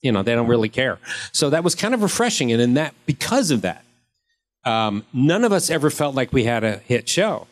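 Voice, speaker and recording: Actor in his fifties, fan panel Q&A, loose and jokey storyteller, mid-pitched voice. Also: big pitch swings, a little fast. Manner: joking, rambling anecdotes with comic voices. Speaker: actor answering fan questions. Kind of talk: casual convention panel Q&A. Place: convention panel room.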